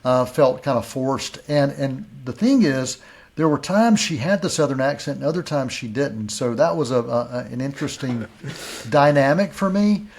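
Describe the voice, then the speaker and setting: A man's voice: medium pitch, animated, normal speed. A middle-aged man co-hosting a film review show, talking reflectively with many fillers and restarts. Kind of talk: casual film review chat.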